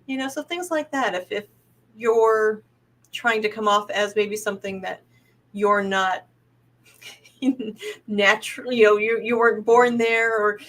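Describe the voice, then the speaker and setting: A woman casting director co-hosting a podcast, giving relaxed advice with easy fillers and laughs. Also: mid-range voice, unhurried, long pauses. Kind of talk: casual podcast chat.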